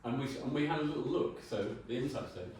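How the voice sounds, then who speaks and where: A man's voice: medium pitch, fast, a little mellow, a little hiss or hum. A man in his sixties giving a conference talk as a brand designer. He speaks informally, with wry humor and the odd swear word. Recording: very echoey hall, mic far off.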